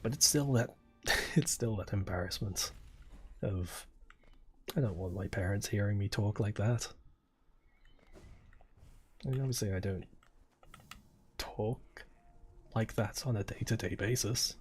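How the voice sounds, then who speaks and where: A soft-spoken man in his twenties, chatting casually while streaming a game. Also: unhurried, long pauses, soft background music. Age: 20s. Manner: quiet, low-key and soft-spoken. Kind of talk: casual chat while gaming.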